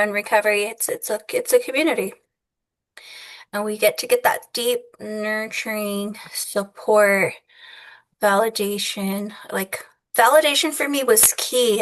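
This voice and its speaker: A woman from Southern California interviewing a guest, talking earnestly and repeating phrases for emphasis. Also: medium pitch. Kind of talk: casual conversation.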